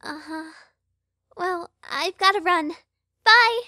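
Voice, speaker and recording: A woman's voice: very high voice, takes it slowly, fairly bright tone, no room sound, studio quality, full character voice. A woman voicing a frightened teenage schoolgirl in a fan game dub, talking anxiously to herself. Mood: hurried. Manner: anxious, breathless self-talk.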